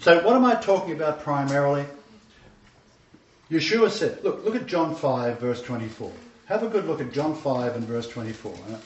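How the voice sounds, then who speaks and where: With congregation members chiming in, a man preaches forcefully and keeps repeating the scriptures he cites. His voice is medium-pitched with a slight hiss or hum, and it comes across dull and distant in an echoey space.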